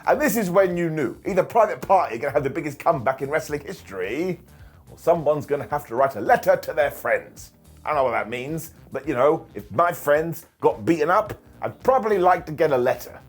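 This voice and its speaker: A man's voice: on the high side, expressive, brisk, soft background music. A man recapping a wrestling show in a comedic, jokey way, often putting on silly voices for the wrestlers and laughing between lines.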